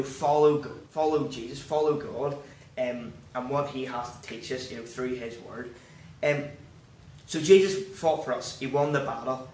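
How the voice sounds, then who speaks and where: A young man preaches an informal sermon, stumbling through restarts and constant filler phrases in an earnest, encouraging way. His voice rings around a roomy hall from some distance off the mic. A faint hum of background noise sits underneath. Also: medium pitch. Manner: halting, full of 'you know' fillers and restarts. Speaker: church speaker.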